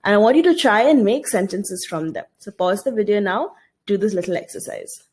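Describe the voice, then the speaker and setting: A woman's voice: mid-range voice, animated, brisk, a little mellow, slightly rough. A woman teacher giving a recorded video lesson, reading a story aloud and explaining it, often asking her students questions.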